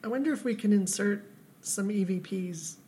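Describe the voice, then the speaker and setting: A woman's voice: medium pitch, moderate pace, warm tone, a little hiss or hum. A woman co-hosting a podcast in casual chat, asking short questions and reacting briefly. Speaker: podcast co-host.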